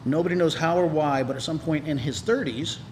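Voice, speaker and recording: A man's voice: on the high side, fairly quick, slight background noise, poor audio. A man co-hosting a casual podcast chat. He jokes and swears, and reads facts aloud off his phone. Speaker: podcast co-host.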